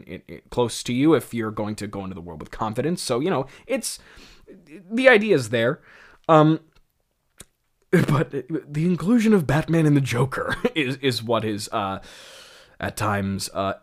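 Young male host, casual commentary, animated voice, lots of restarts. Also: mid-range voice. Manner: rambling, self-mocking, many restarts and laughs. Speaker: podcast host. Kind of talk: casual commentary on his old script.

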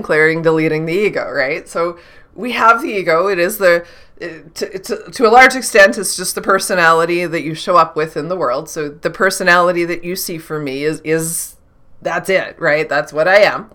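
Woman, intuitive channeler, solo reflective talk, bright clear tone, halting and self-questioning. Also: mid-range voice. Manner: thinks aloud, self-questioning, frequent restarts.

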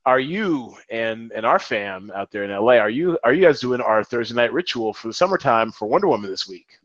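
A man hosting a podcast in casual chat, animated and playful, full of slang. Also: mid-range voice, brisk, lo-fi sound. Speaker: podcast host.

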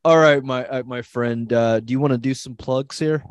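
A man's voice: medium pitch, steady tone, moderate pace, smooth, dry recording, clean studio sound. A young man hosting a podcast in casual chat, rambling and laughing, with crude language. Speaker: podcast host.

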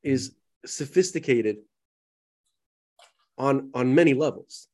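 Co-hosting a casual podcast, a man speaks slowly in a dark-toned, mid-range voice. He rambles and gets emphatic, has a slight lisp, and addresses listeners as "folks."

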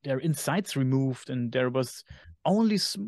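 A man with a German accent, co-hosting a podcast in casual chat and sometimes pausing to search for English words. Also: mid-range voice, lively intonation, a little mellow, no echo, studio quality. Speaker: podcast co-host.

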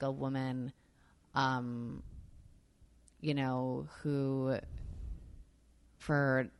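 A low-voiced woman, an actress appearing as an interview guest, tells stories casually. She swears freely, leans heavily on fillers, and speaks with candor.

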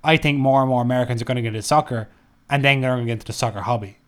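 A man's voice: medium pitch, racing, clear, resonant tone. A man co-hosting a podcast in casual chat, laid-back and rambling, with lots of "like" fillers. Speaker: podcast co-host.

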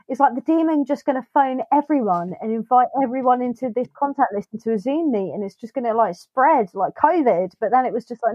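A woman's voice: a little high, expressive, a little fast, few pauses, slightly rough, no echo. Swearing woman, dull dry sound. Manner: swears freely, acts out quoted reactions. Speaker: podcast co-host. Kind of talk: casual film review chat.

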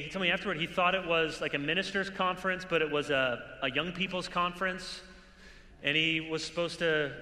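A man's voice: high voice, bright, forceful tone. A man preaching an earnest, exhorting conference sermon with touches of dry humor, recorded in a large hall with an audience. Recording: echoey hall with long reverb.

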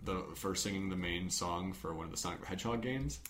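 A man's voice: low voice, quick pace, heavy background noise. A young man co-hosting a podcast, chatting casually and rambling with frequent restarts. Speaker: podcast co-host. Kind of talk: casual chat.

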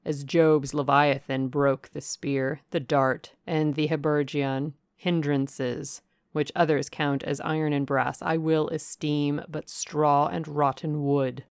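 Brooding passionate gentleman, read by a woman, forceful, declamatory, dry close sound. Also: deep voice, flat delivery, slow pace, hardly any pauses, clear, resonant tone, no echo. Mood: resolute. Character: brooding, passionate gentleman, middle-aged man. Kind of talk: audiobook character reading.

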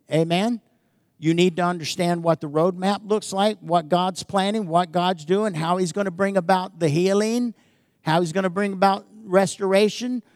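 Male pastor preaching; fairly high voice, dry close sound, shifts between fervent emphasis and hushed intimacy, calls for "amen?". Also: no echo. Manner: swings from loud emphatic preaching to hushed, slow intimate talk; calls out to the congregation with repeated "amen?". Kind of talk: sermon.

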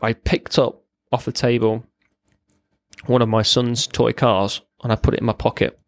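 Brief: man, ex-forces guest, gravelly voice, candid halting storytelling, close dry recording. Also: mid-range voice, flat delivery, no room sound. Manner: halting, plain-spoken, frequent restarts. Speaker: podcast guest, former serviceman.

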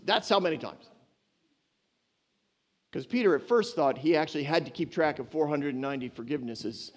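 Animated high-voiced man preaching. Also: normal speed, pauses often. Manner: lively, conversational preaching with playful asides. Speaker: pastor. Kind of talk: sermon.

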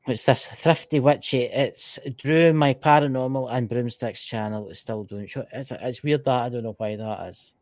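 A man's voice: medium pitch, normal speed, hardly any pauses, darkish tone, no echo, studio quality. A Scottish man co-hosting a podcast, chatting casually in a rambling, joking way. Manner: rambling, swearing, banter. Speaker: podcast co-host. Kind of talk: casual chat.

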